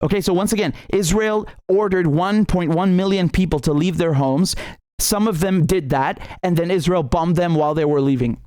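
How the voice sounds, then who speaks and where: Indignant male commentator, slightly high voice, dry close mic, sarcastic, stammering. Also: normal speed, darkish tone, dry recording. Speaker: independent journalist and show host. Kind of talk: impassioned political commentary monologue.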